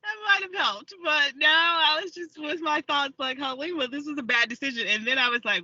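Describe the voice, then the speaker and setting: A woman's voice: sits high, normal speed, bright, forceful tone, no echo, highs cut off. An American woman, an actor and filmmaker, telling stories as an interview guest and laughing often. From United States. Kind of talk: casual interview storytelling.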